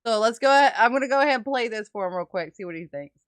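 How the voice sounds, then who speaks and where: A woman's voice: on the high side, expressive, racing, no room sound. A woman hosting a podcast in casual chat, laughing often and talking bluntly with plenty of swearing. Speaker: podcast host.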